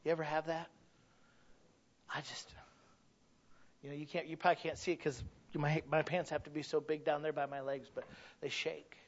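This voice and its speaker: A man in his thirties, a pastor, delivering an impassioned sermon that swings from hushed to loud, repeating key phrases. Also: on the high side, level tone, moderate pace, pauses often. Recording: dull lo-fi recording.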